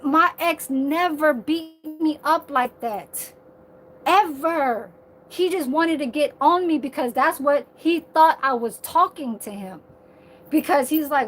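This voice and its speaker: A woman talking straight to her phone camera in a casual, animated rant, swearing a lot and filling her talk with "like" and "you know". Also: high voice, takes it slowly. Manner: animated, heavy profanity, lots of filler. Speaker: vlogger.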